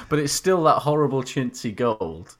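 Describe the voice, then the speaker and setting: A man co-hosting a podcast, talking in a wry, rambling way and laughing often. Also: medium pitch. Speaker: podcast co-host. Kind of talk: casual banter.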